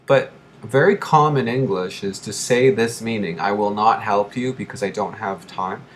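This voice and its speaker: A man teaching an English grammar lesson, speaking slowly and deliberately and repeating key phrases for learners. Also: lowish voice, slight background noise.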